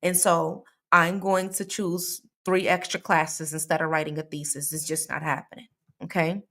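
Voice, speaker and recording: Chatty low-voiced woman hosting live. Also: flat delivery, normal speed, sharp tone. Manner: chatty, laughs often, addresses viewers as y'all. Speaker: host of a true crime show. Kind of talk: casual live chat with viewers.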